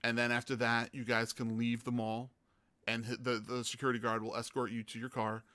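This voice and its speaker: A man hosting a gaming podcast tells stories in a casual, animated chat, acting out the voices of people he quotes. His pitch is medium and his pace fairly quick, with no room sound.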